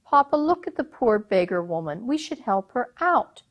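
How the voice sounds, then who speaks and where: A woman telling a folk tale and voicing a kind, eager young prince who speaks up quickly and warmly to his father. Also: fairly high pitch, big pitch swings. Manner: eager and kindly. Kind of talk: oral storytelling.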